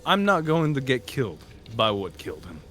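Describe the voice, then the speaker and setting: A stern character, voiced by a man in a tabletop game, speaking low, hushed and deliberate. The voice sits mid-range, with faint noise behind it. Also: wildly swooping pitch. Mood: grim.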